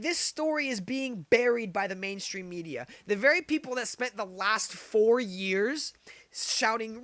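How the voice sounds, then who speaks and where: A man's voice: high-pitched, expressive, unhurried, fairly bright tone, dry recording. A man giving opinionated political commentary, getting heated, firing off rhetorical questions and repeating his points. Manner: heated, gets worked up.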